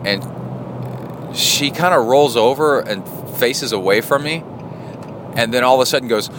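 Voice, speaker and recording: A man's voice: mid-range voice, unhurried, background noise. A man hosting a triathlon podcast, talking in a rambling, casual way with lots of fillers. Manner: rambling, chatty, many fillers. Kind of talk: casual spoken diary.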